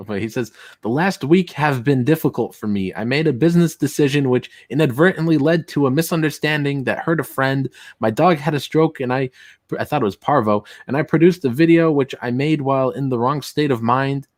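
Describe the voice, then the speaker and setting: A man's voice: mid-range voice, fairly quick, dry recording, studio quality. A man hosting a casual talk show, reading messages aloud with sarcastic asides and frequent laughter. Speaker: show host.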